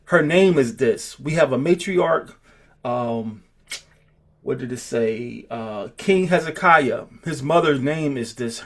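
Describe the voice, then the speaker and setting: A man teaching a scripture study group, talking in halting bursts and repeating phrases as he grows emphatic. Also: mid-range voice. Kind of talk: leading an online scripture study.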